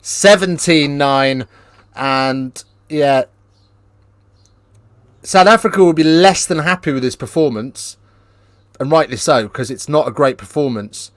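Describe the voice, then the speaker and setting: A man hosting a live rugby watchalong, chatting casually with viewers and breaking into excited play-by-play. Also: on the high side, measured pace, pauses often, no echo, studio quality. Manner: casual, banters with live chat, lifts into excited play-by-play on tries. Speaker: watchalong host. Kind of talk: live watchalong commentary and chat.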